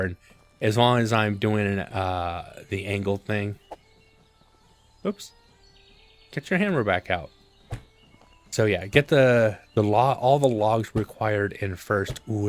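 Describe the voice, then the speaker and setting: A man casually commenting on his gameplay, thinking aloud with relaxed fillers. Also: fairly low pitch. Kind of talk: casual let's-play commentary.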